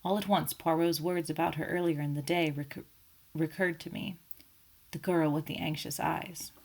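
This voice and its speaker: A woman reading a classic detective novel aloud as narrator, in a measured storytelling manner. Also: low voice, steady tone, vocal fry. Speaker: audiobook narrator.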